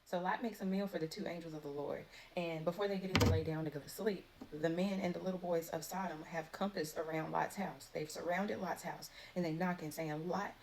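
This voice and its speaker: A woman's voice: on the low side, steady tone, fairly quick, creaky, hardly any pauses, a crowd in the background. A woman giving a casual, chatty recap of Bible chapters in everyday language. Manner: chatty, retells scripture in everyday speech. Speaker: Bible reading vlogger.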